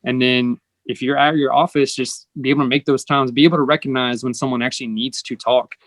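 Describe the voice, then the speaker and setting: A man's voice: medium pitch, fairly even intonation, quick pace, fairly bright tone, no room sound. A male host explaining his points earnestly, acting out short example lines along the way. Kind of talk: interview conversation.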